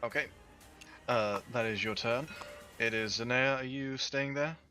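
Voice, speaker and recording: Game master, man, bright and casual, mid pitch. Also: unhurried, faint music behind. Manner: casual, explains rules with many fillers. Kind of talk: running a tabletop game.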